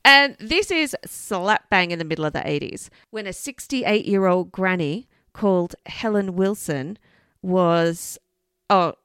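Woman podcast host, chatty storyteller, lots of swearing and laughing, bright voice, dry close sound. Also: lowish voice, lively intonation, a little slow, clear, resonant tone, no echo. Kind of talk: casual chat, true-crime storytelling.

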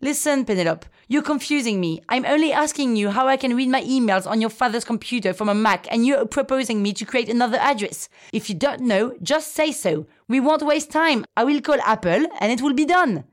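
A woman voicing her older mother, who is proud, bossy and quick to take offence. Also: on the high side, lively intonation, close to an everyday voice. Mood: impatient.

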